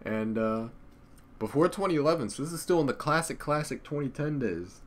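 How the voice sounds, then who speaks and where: A man's voice: on the high side, lively intonation, a little fast. A young man, a YouTuber, rambling casually and profanely about old channels, laughing often. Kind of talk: casual nostalgic commentary.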